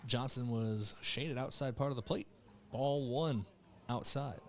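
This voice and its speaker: Young male play-by-play announcer, brisk, quick self-corrections, press box call, mid-pitched voice. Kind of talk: live radio and TV baseball commentary. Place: press box behind a window.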